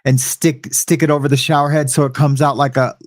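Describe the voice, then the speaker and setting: A man's voice: mid-range voice, flat delivery, brisk, no echo, clean studio sound. A man co-hosting a casual talk show, laid-back, laughing and acting out quoted voices in his stories.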